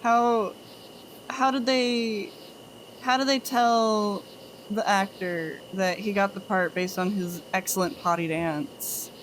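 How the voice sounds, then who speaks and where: Slow-talking giggly woman streamer. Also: medium pitch, fairly even intonation, a little hiss or hum. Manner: giggly, trades groan-worthy jokes with chat. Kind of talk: casual live-stream chat.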